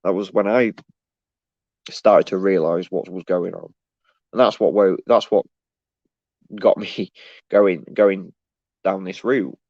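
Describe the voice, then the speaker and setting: A man's voice: sits low, fairly even intonation, takes it slowly, pauses often, darkish tone, no echo. A man talking casually on a live stream, rambling and restarting his sentences as he answers the chat. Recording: dull, dry lo-fi sound.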